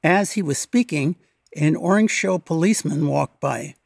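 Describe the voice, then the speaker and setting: Gravelly man narrating a documentary. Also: fairly high pitch, no echo, studio quality. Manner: measured, even read-aloud delivery. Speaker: local history narrator.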